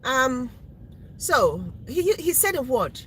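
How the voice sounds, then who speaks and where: A woman's voice: sits high, big pitch swings, slow pace, a bit bright, slight background noise, poor audio. A woman speaking as a mother, earnestly recounting a family episode in casual storytelling with many restarts. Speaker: parent telling a story.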